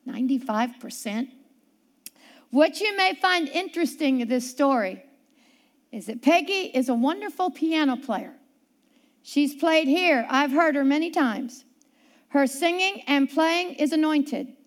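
A woman preaching a sermon, telling a healing story earnestly and slowing down to stress key words. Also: sits high.

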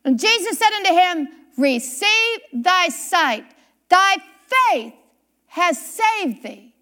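High, lively woman preaching a sermon. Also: takes it slowly. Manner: reads scripture aloud and repeats key phrases for emphasis; questions the congregation directly.

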